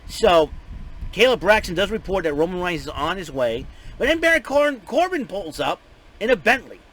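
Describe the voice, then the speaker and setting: A man giving a casual, rambling spoken recap, excitable and full of restarts and fillers. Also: high-pitched, normal speed, rough recording. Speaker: show recapper.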